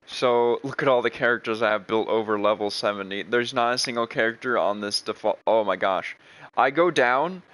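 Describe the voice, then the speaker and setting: A man's voice: fairly low pitch, normal speed, fairly bright tone, rough recording. A young man chatting casually while playing a video game, rambling with many restarts. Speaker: gaming streamer.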